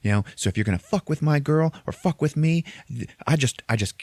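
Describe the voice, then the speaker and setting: A man's voice: a little high, animated, a little fast, a little mellow, no echo, voice pushed up. A man voicing a small blonde female pimp who chats sweetly while making threats. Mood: menacing chatter. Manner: sweetly friendly then threatening, rambling.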